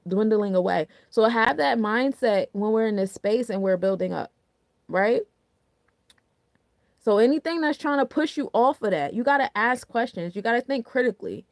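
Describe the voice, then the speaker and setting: A woman's voice: on the high side, animated, moderate pace, dry recording. Woman musing on astrology in a dry close room. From New Jersey. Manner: conversational, repeats "you know what I'm saying"; rhetorical questioning. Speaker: astrology podcast host. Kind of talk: casual astrology talk.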